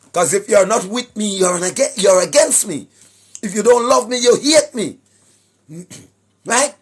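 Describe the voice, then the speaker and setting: A Jamaican man addresses his online viewers in a preachy, sing-song way, firing rhetorical questions and clearing his throat between points. His voice sits very high and sounds husky, and he takes his time over each phrase. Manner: sing-song rhetorical delivery, keeps asking "right?", clears throat often. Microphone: speaking straight to a camera or phone.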